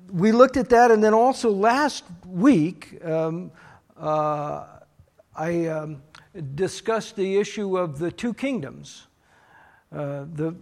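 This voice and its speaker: Pastor, male, high voice, unhurried, hesitant delivery full of fillers. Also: a little mellow. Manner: slow, halting, many fillers. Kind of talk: sermon recap.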